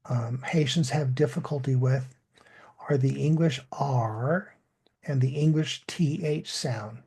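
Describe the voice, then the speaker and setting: A man teaching an online English lesson, modeling words slowly and deliberately for learners. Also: on the high side, vocal fry, warm tone, slightly rough. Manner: slow, deliberate, drawn-out model pronunciation.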